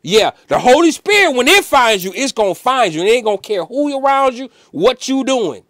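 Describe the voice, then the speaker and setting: A man, a musician guest on an interview show, telling a personal story in an animated, emphatic way, full of "like" fillers. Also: very high-pitched, fairly quick, no echo, studio quality. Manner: emphatic, preacher-like insistence.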